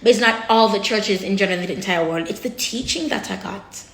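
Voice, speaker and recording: Rapid and marked by vocal fry, her medium-pitched voice echoes a bit in a roomy space. The vlogger addresses her viewers bluntly and rawly, swearing freely and pressing heavily on her words.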